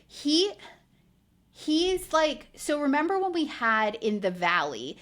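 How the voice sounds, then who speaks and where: A woman co-hosting a podcast recaps a reality show, chatty and indignant, saying "like" constantly. Her voice sits high with big pitch swings, slow delivery, and a slightly bright tone.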